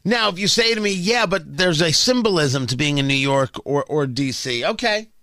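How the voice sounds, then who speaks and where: Male podcast host, high-pitched, blunt opinionated commentary, dry close studio sound. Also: animated, moderate pace, sharp tone, dry recording. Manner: blunt, with frequent restarts.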